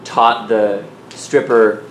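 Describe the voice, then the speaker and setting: A man's voice: lowish voice, flat delivery, drawn-out words, a little hiss or hum. A man from the audience asking a hesitant, rambling question. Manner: hesitant, filler-heavy questioning. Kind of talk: casual question. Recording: echoey room.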